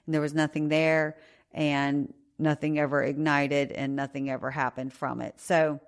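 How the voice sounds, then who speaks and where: A woman podcast host casually retelling a personal story in a rambling, animated way. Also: low-pitched, smooth.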